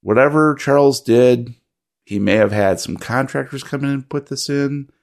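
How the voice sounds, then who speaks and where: Gravelly man narrating as game master. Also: mid-range voice. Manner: descriptive, measured storytelling. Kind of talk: narrating a tabletop horror game.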